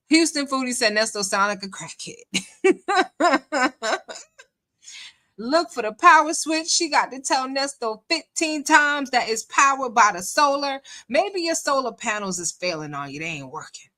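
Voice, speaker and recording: A woman's voice: a little high, bright, forceful tone. A woman commentating on a live stream in casual chat, laughing and teasing as she talks to her chat. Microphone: desk microphone.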